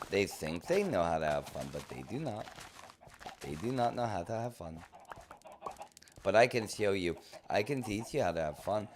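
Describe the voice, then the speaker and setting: A man's voice: fairly low pitch, lively intonation, normal speed, slight background noise. A man streaming a game live, talking in a playful, rambling way full of silly jokes. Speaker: gaming streamer. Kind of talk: live gameplay commentary.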